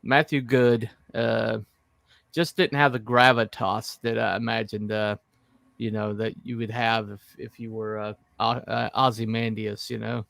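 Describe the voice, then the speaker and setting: A man co-hosting a casual chat, rambling and halting, full of fillers and restarts. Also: fairly low pitch, flat delivery, creaky, a bit bright, no room sound. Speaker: podcast co-host.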